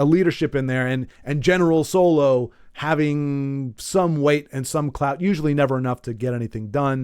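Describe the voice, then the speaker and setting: A man hosting a podcast with a slightly high voice, wandering through a comic story in an animated way. He trails off, catches himself and adds self-deprecating asides. The sound is dry and close, with no room around him. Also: clear, resonant tone, no room sound. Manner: pained yelps while wincing. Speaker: podcast host. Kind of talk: rambling comedic storytelling.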